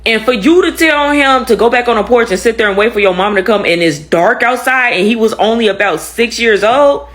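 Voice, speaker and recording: A woman with a high voice that swings up and down a lot. She lectures the women watching directly, in a commentary video. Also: animated, brisk, few pauses, fairly bright tone.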